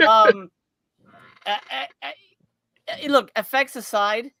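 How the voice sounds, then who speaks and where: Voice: mid-range voice, takes it slowly, gravelly, sharp tone, a little hiss or hum. A podcast host chatting casually in a movie review, rambling and swearing freely, laughing often.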